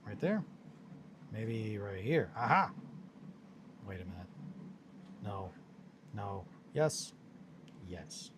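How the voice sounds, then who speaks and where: A man's voice: lowish voice, very animated, slow pace, long pauses, background noise. A man chatting casually on a hobby stream in a rambling, self-amused way while he works on miniatures.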